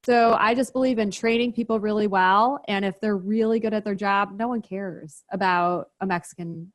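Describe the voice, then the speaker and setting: A woman guest on a podcast, explaining her business practices in a brisk, practical, step-by-step way. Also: mid-range voice, fairly even intonation. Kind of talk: interview, explaining.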